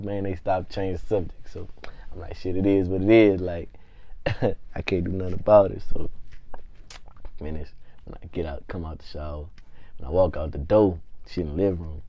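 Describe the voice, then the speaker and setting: A man vlogging a casual storytime in slangy, animated speech that swings from hushed to loud. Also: low voice, dry recording.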